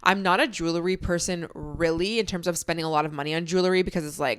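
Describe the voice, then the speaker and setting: A young woman talks in a relaxed, candid podcast chat. She fills her sentences with "like" as she goes. Her voice sits a little low and comes across clean and smooth. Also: a little fast. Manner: chatty and candid, heavy use of "like". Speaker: podcast host. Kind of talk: casual chat. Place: home, filming for video. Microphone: studio microphone.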